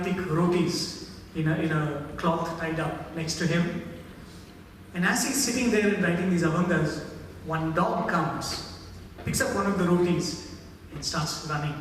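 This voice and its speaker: A man's voice: high-pitched, a little hiss or hum. A man giving a devotional talk, telling stories and checking in with his audience. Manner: storytelling, often adds "right?". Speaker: spiritual speaker. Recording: echoey hall from far off.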